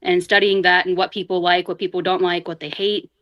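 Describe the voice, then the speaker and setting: A woman guest on a chat show, telling family stories in a casual, animated way and laughing often. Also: on the low side, a little fast, dull audio. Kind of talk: casual storytelling.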